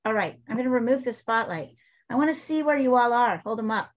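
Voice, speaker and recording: Woman, art teacher, video call, slightly high voice, encouraging, repeats her points. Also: lively intonation, fast. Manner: encouraging, repeats herself while coaching. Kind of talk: online class instruction.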